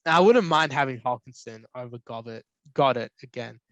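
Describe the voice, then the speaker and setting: A man's voice: mid-range voice, lively intonation, brisk, a bit bright, dry recording, low-quality recording. A man co-hosting a fantasy football podcast, blunt and laid-back, swearing casually. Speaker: podcast co-host.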